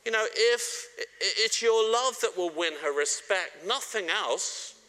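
A man's voice: high voice, expressive, measured pace, smooth. A middle-aged man gives a sermon on marriage, speaking straight to the congregation and joking now and then. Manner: warm, joking, direct address to the congregation. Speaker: preacher.

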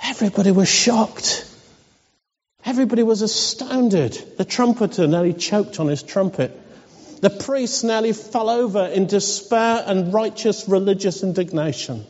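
In a dull recording with the echo of a reverberant hall, a man preaches at a moderate pace, his high-pitched voice darkish in tone. He tells his sermon like a wry, conversational story.

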